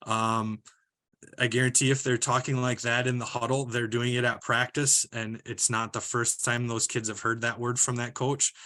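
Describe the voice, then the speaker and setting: A man's voice: medium pitch, flat delivery, moderate pace, bright, forceful tone. A male basketball referee giving practical, matter-of-fact officiating advice with some fillers. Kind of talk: instructional talk on officiating.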